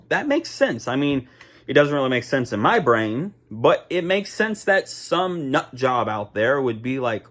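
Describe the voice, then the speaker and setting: A man's voice: medium pitch, animated, a little slow. A young man talking casually to camera, chatty and rambling with fillers and restarts. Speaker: vlogger.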